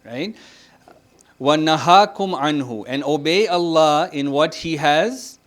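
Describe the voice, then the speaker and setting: A man leading a religious grammar class, asking his students questions, repeating their answers and reciting scripture quickly. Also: on the high side. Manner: recites Quranic Arabic quickly. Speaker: religious teacher. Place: mosque centre classroom.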